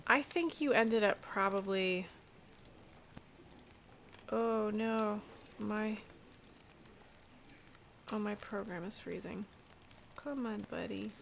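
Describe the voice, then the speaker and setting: A woman running a tabletop game, narrating what a soldier does and asking the players for their moves. She talks in halting bursts, thinking aloud with many ums. A faint hiss sits under her voice. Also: mid-range voice, vocal fry, fairly bright tone. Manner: thinking aloud, halting, fiddling with a map program. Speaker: game master.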